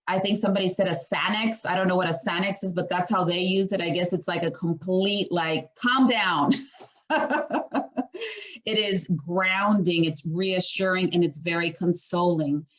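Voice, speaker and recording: Woman, lowish voice, wellness workshop host, casual teaching talk, chatty with fillers. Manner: chatty, uses fillers and acts out her own thoughts.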